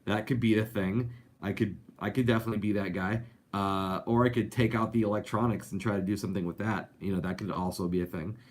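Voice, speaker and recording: A man's voice: lowish voice, steady tone, quick pace. A man hosting a live animation talk show, chatting casually and reading out viewer comments with lots of fillers. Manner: chatty, upbeat, rambling with many fillers.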